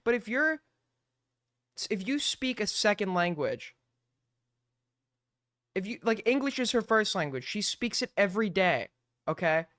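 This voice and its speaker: A man's voice: high voice, very animated, a little slow, long pauses, fairly bright tone, no room sound, clean studio sound. A man ranting through a live stream commentary, exasperated and full of swearing.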